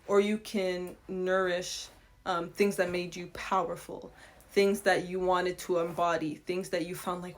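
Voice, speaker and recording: Earnest woman with a low voice. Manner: earnest, repetitive, with rhythmic listing phrases. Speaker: host. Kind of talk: reflective monologue.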